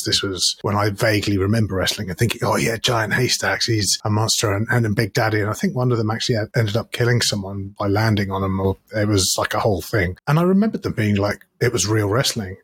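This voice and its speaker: A man's voice: on the low side, a bit bright, husky. Enthusiastic man in podcast banter. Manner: enthusiastic, jokey, quotes catchphrases. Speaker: podcast co-host. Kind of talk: casual podcast chat.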